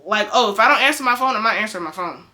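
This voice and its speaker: A woman's voice: mid-range voice, expressive, rapid-fire, bright, forceful tone. A young woman vlogging advice in a casual monologue, firm and emphatic, often repeating her points.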